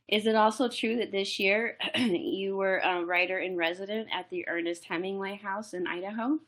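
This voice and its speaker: A woman's voice: medium pitch, normal speed. A woman hosting an online bookstore event on a video call, hesitant and apologetic, with hiccups and many fillers. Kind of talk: live online event introduction.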